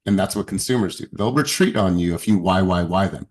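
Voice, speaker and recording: A man's voice: deep voice, a little fast. Blunt, profane male sales coach. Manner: blunt, profane, animated, acts out quotes. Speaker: sales coach leading a group call. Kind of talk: coaching session on a video call.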